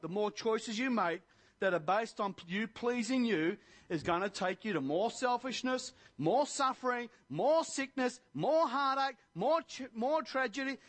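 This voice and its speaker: An impassioned male preacher delivering a sermon in a strikingly high-pitched voice. His tone is bright and forceful, and he builds to emphatic, proclaiming lines.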